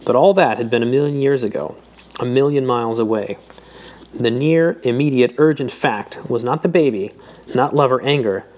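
A male audiobook narrator with a voice of ordinary pitch, reading literary prose at a steady, measured pace. His delivery stays even and composed throughout. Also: highs cut off. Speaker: audiobook reader. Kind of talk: scripted narration.

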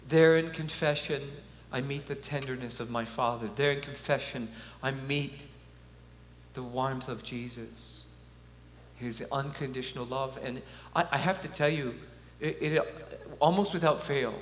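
Man preaching, slow and bright, chatty w/ little laughs, big echoey hall w/ a faint hum. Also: medium pitch. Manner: earnest and conversational, with chuckles. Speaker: conference speaker. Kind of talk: preaching talk.

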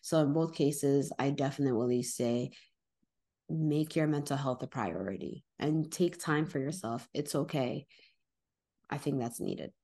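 Woman teacher and co-host, low voice, earnest reflective chat. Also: a little slow, dark tone. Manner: earnest, reflective, heavy use of "like" and "literally". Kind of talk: casual podcast chat.

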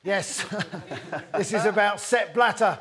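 A man hosting a comedy football quiz in front of a live audience, with quick, jokey patter. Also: sits high, fairly bright tone. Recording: live audience laughing behind. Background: audience laughter.

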